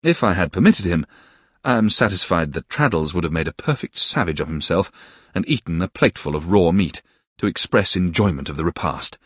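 Deep husky male storyteller. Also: fairly quick, dry recording, clean studio sound. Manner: expressive, storytelling. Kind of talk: audiobook narration of a classic novel.

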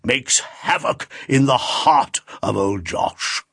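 A man's voice: medium pitch, lively intonation, slow pace, vocal fry, fairly bright tone, slightly rough, no echo, studio quality, heavily acted. A man voicing a bluff, gallant old army major in a storybook reading, hearty and blustering.

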